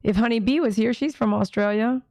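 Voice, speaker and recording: A woman's voice: fairly high pitch, a little fast, darkish tone, no echo, clean studio sound. Chatty woman groomer hosting a watch party. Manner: chatty, reads viewer comments aloud, teasing. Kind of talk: casual live-stream chat.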